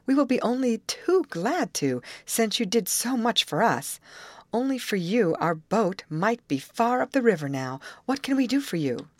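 A woman reading the part of a kind and eager young woman who speaks warmly. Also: on the high side, very animated, moderate pace, no echo, pitched above the performer's own voice. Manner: warm, eager.

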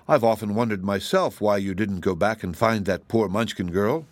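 A man's voice: on the low side, normal speed, dry recording, natural voice. A man voicing a cheerful male scarecrow stuffed with straw in an audiobook, speaking in a positive, eager way. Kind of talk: audiobook character reading.

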